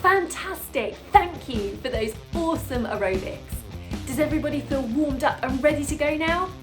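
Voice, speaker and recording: Upbeat woman host with a high voice. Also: expressive, normal speed, music in the background. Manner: upbeat, exclaiming. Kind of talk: enthusiastic children's show linking.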